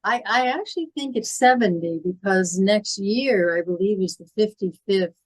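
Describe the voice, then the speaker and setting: Speaking at a moderate pace in a medium-pitched voice, a Midwestern woman in her seventies from Illinois chats as a podcast guest. She is a horror film actress whose Midwestern American accent is shaped by polished stage training. The recording is dry and rough.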